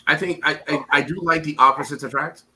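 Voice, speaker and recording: A man's voice: a little high, brisk, bright, forceful tone, poor audio. A man from the United States talking as an interview guest in a casual chat, rambling, repeating words and acting out quoted women.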